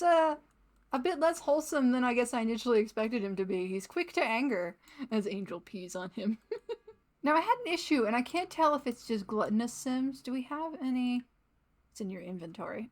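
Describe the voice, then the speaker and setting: Young woman chatting over her sims game, giggly and rambly, mid-pitched voice. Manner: giggly, rambling, laughs often. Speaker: gaming channel host. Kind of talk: casual let's-play commentary.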